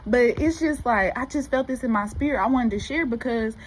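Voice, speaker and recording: A woman giving an animated motivational talk to her viewers, calling them baby and y'all. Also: on the high side, fairly quick, low-quality recording. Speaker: motivational vlogger. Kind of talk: casual motivational talk to camera.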